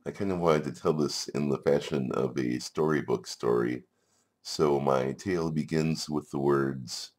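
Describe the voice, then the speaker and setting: A man's voice: rumbling low, measured pace. A man narrating a game like a storybook, playful, with chuckling asides. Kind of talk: storybook narration over gameplay.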